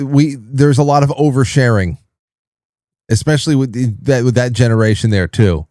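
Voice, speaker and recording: A man's voice: mid-range voice, moderate pace, warm tone, dry recording. Brief: male show host, wry, rambling reel commentary, dry close studio sound. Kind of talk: casual commentary on video reels.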